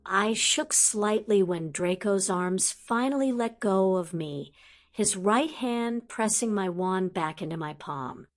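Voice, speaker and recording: A woman narrating a first-person audiobook in a soft, measured way. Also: medium pitch.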